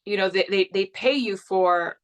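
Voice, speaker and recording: A woman's voice: mid-range voice, normal speed. A young adult woman from Canada, a guest actress chatting casually in an interview, full of restarts and fillers.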